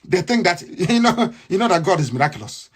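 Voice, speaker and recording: A man's voice: sits high, sing-song, fairly quick, slightly rough. A man giving a live radio broadcast monologue, fiery and scornful, repeating his points.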